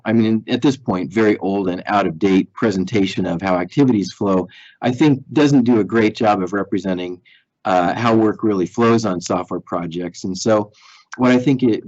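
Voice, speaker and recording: A man giving a recorded software lecture, explaining thoughtfully with frequent fillers and restarts as he draws on slides. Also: on the low side, muffled recording.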